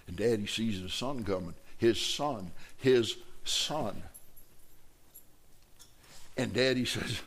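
Animated folksy preacher. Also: male voice, fairly high pitch, normal speed. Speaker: pastor. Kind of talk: sermon.

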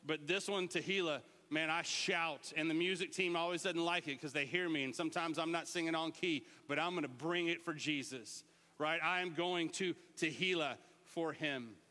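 A middle-aged man preaching a lively sermon, sometimes shouting out words to show what they mean. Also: on the high side, big-room sound. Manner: animated, shouts out words to demonstrate. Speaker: pastor.

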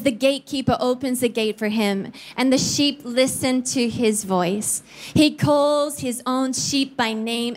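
A woman in her thirties of Filipino background preaching a sermon as a pastor, telling stories and playfully acting out voices. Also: on the high side. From Philippines. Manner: animated, acts out voices playfully. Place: church studio.

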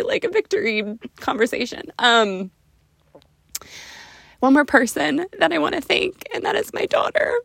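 A woman's voice: high voice, big pitch swings, unhurried, creaky, a bit bright, no echo, clean studio sound. A young woman hosting her own podcast, talking in an emotional, gushing and casual way, with some swearing. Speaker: podcast host.

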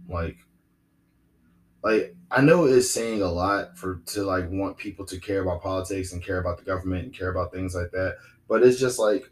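A man's voice: low-pitched, a little mellow, poor audio. A young man hosting a solo podcast, rambling and repeating himself with lots of fillers. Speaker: podcast host.

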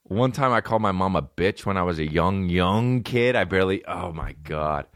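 A man's voice: deep voice, expressive, moderate pace, dry recording, studio quality. A man hosting a podcast alone, telling rambling, profane comic stories. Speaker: podcast host. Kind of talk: comedic storytelling.

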